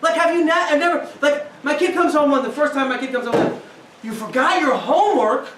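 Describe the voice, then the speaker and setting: A high-voiced man in his thirties delivers a lively parenting lecture as a rabbi, often laughing and acting out voices. He sounds a little distant from the mic, and the room echoes around him. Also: fast. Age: 30s. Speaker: rabbi, guest speaker. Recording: roomy, from a distance, faint noise.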